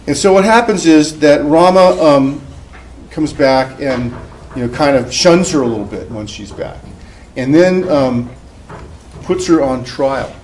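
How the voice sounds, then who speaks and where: A man's voice: on the high side, lively intonation, measured pace, a little mellow, a little hiss or hum, low-quality recording. Chatty male professor lecturing with fillers. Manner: conversational storytelling, many fillers and restarts. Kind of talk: classroom lecture.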